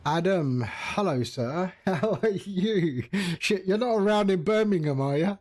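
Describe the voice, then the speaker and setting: A man's voice sits high and moves a little slowly as he talks viewers through setting up a flight simulator on stream, his commentary loose and rambling.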